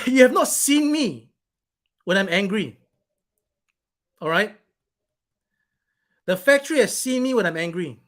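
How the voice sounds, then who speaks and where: A man's voice: very high voice, fairly bright tone. A man hosting his own live stream, reading out viewer comments in an irritated, blunt, rambling way and swearing now and then.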